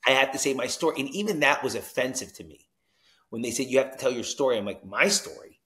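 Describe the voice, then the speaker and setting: An animated man from New Jersey tells a personal story as a podcast guest and acts out each voice in it. His pitch sits in the middle, and the room gives his voice a noticeable echo. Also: quick pace. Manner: animated, acts out quoted dialogue, frequent "you know what I mean". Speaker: podcast guest, recovery coach. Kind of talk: storytelling in conversation.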